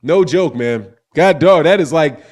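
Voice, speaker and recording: A man's voice: fairly high pitch, animated, unhurried, a little mellow. A man in his forties hosting a casual livestream, reading chat comments aloud in a slangy, rambling way. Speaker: boxing channel host.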